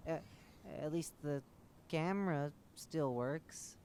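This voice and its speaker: A man's voice: on the high side, slow pace, a little mellow, slight background noise. A man voicing a clumsy, jumpy young male field operative who stammers and apologizes. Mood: sheepish.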